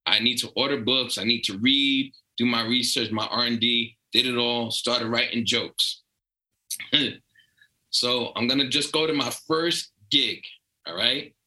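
Man, New York accent, very bright voice, animated storyteller, plays out quoted voices. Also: mid-range voice, unhurried, low-quality recording. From Brooklyn/Long Island, New York. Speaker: guest comedian. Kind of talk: casual storytelling.

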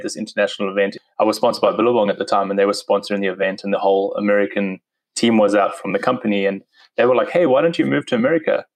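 A man in his thirties with a South African accent speaks in a lowish voice, rattling along at a quick clip. His casual chat is full of "like" and easy laughter. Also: rough recording. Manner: chatty, laughs easily, lots of "like". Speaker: interview guest. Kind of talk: casual conversation.

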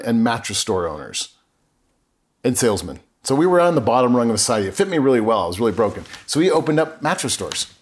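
A middle-aged man speaking as a podcast guest at an ordinary mid-range pitch. He tells his story earnestly and with plain emotion, often stopping to restart a sentence. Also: big pitch swings, fast. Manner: earnest and emotional, with frequent self-corrections. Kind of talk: candid personal storytelling.

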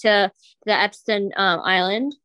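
A woman's voice: medium pitch, steady tone, a little slow, sharp tone, a little hiss or hum. A woman co-hosting a podcast, chatting casually with blunt, crude reactions. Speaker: podcast co-host. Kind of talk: casual gossip chat.

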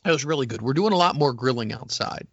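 A man's voice: medium pitch, lively intonation, quick pace, husky, no room sound, lo-fi sound. A man chatting casually as a co-host, rambling and poking fun at himself. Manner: rambling, self-deprecating, laughs often. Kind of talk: casual banter.

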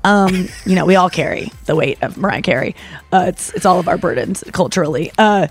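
A woman's voice: on the low side, lively intonation, a little fast, faint music behind. A woman hosting a podcast in casual chat, rambling with lots of fillers. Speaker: podcast host. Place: Los Angeles studio.

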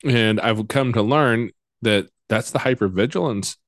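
A man hosting a conversational interview in a relaxed, stop-start manner. He repeats words as he gathers his thoughts. The sound is very dry and close. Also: medium pitch, a little slow, no echo. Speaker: podcast host.

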